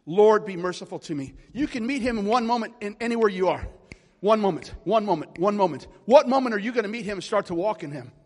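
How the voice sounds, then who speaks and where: High-voiced preacher in a reverberant hall. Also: male voice, expressive, fast talker. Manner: impassioned storytelling, acting out dialogue with God. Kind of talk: sermon.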